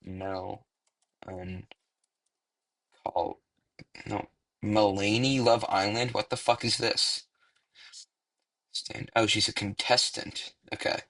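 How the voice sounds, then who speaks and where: A young man rambling through casual online commentary, swearing freely and filling pauses with "like" and "um.". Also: lowish voice, fairly bright tone. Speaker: commentary YouTuber.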